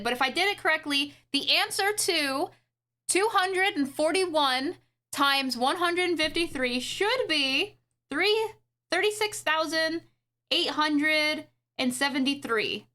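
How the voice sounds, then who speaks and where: A woman streaming live, chatting casually to her viewers in an excitable, rambling way with frequent giggles. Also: sits high. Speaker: streamer and animator. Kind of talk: casual livestream chat.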